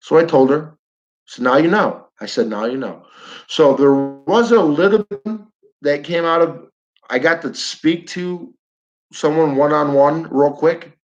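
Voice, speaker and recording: A man with a New York accent delivers a blunt, heated flat earth rant on his livestream, repeating points and speaking directly to viewers. His voice is on the high side and measured in pace, captured with dull audio.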